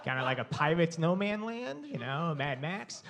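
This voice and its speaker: A man's voice: on the high side, normal speed, a crowd in the background. A young man with a Long Island accent doing a brash, profane stand-up set. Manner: brash, swears often, animated. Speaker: stand-up comedian.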